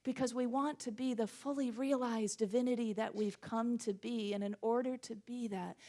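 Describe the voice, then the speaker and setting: A woman's voice: mid-range voice, mellow. A woman minister delivering a sermon with impassioned, rhythmic preaching.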